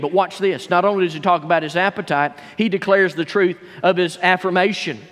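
A man's voice: high-pitched, steady tone, fairly quick, hardly any pauses. A man, preaching a sermon as pastor with fervent, rising emphasis. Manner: fervent Southern preacher, rising to near-shouts. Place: church sanctuary. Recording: long church reverb.

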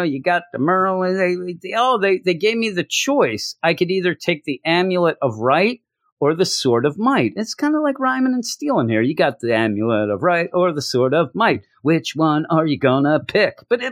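A man casually reviewing a comic, joking and acting out characters' lines in quick voices. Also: high voice, dry recording, clean studio sound. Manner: animated, jokey, acts out characters in quick voices. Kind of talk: casual solo review chat.

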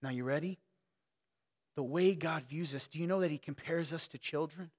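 A man preaching a sermon in a church, talking conversationally and swinging between quiet asides and loud emphatic stretches. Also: a little high, normal speed, in a large hall. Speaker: pastor. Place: church sanctuary.

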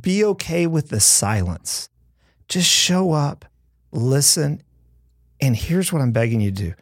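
Earnest gravelly pastor telling stories. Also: male voice, fairly high pitch, sing-song, a little slow, dry recording, studio quality. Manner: earnest storytelling, heartfelt and emphatic. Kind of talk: conversational podcast talk.

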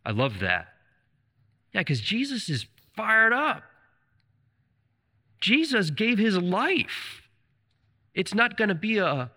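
A male preacher retells scripture with fervent storytelling energy. His voice sits fairly high and pushes with a forceful, edged brightness. The sound hangs in a long, echoey church hall. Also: huge pitch swings, slow, pauses often. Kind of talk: sermon.

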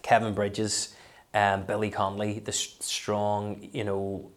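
A Northern Irish comedian in a casual podcast interview, rambling and self-deprecating, full of fillers and restarts. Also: male voice, lowish voice, monotone, slow pace. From Northern Ireland. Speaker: comedian guest.

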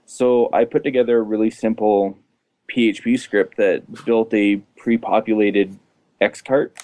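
A man hosting a podcast, telling stories in a relaxed, chatty way and laughing often. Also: lowish voice, measured pace. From Canada. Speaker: podcast host. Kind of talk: casual storytelling chat.

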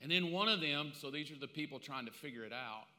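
Man, fifties, pastor, very sharp bright tone, long hall reverb, chatty animated sermon. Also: on the high side, fast talker. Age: 50s. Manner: animated storytelling with slangy asides. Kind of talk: casual conversational sermon.

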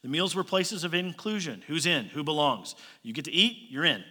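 A man preaching a sermon in a bright, forceful voice, pitched slightly above the usual male range. He talks conversationally, pressing his listeners with pointed questions and slipping in light jokes. His voice carries a long reverb from a large church hall. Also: animated, normal speed, husky. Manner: light joking asides. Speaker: pastor.

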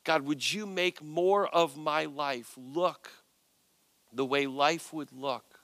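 A man preaching a sermon, retelling a scripture story with animated storytelling and voiced quotes. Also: on the high side, slow, no room sound. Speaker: pastor.

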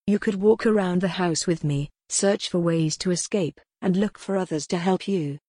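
A woman reading an audiobook voices a cool, mocking man who leads a sinister order, with a smooth, sardonic manner. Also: on the low side, moderate pace, warm tone, no room sound, clean studio sound, lightly acted.

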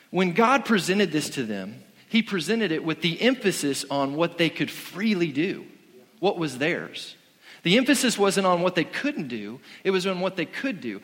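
A man's voice: a little high, fairly bright tone, in a large hall. A man preaching a sermon in an earnest, conversational way, often restarting his sentences. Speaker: pastor.

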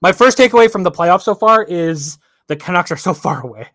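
A man's voice: high-pitched, lively intonation, a little fast, fairly bright tone, dry recording, clean studio sound. A man co-hosting a sports podcast, talking casually and ranting with lots of repeated words. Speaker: podcast co-host.

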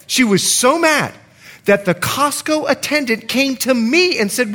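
A man's voice: very high voice, a little slow. A middle-aged man preaching a sermon as pastor in a church, telling stories and acting out the people in them. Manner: animated storytelling with acted-out quotes.

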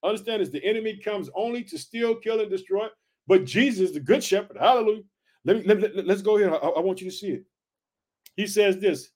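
An excitable male preacher with a high-pitched voice, surging with energy as he reads scripture. He stumbles over repeated words and keeps calling his listeners family. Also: brisk. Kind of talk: energetic sermon.

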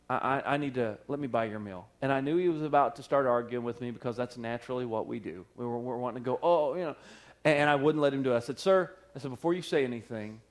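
Man, pastor, sermon storytelling, mid-pitched voice, acts out quotes, laughs a lot. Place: church service.

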